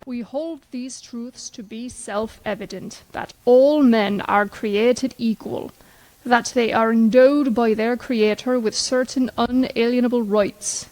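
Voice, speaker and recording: A woman giving a measured, declaiming recited reading in a reconstructed 18th-century American colonial accent. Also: fairly high pitch, a little mellow, no room sound, rough recording. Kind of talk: recorded recitation.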